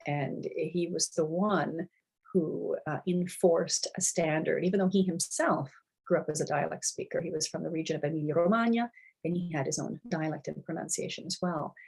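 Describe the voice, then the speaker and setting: A woman's voice: sits low, normal speed, vocal fry, a little mellow, slightly rough, poor audio. A woman lecturing students in a conversational way, checking in often with "right?" and "okay?" and thinking aloud as she goes. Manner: many fillers and restarts while thinking aloud. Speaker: university lecturer. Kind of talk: recorded lecture.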